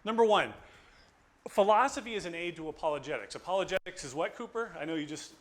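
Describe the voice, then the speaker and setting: A man lecturing a small group on philosophy in a casual, animated way, acting out conversations as he tells stories. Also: sits high, fast. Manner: animated storytelling, acts out dialogue. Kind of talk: informal classroom lecture. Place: small group gathering indoors.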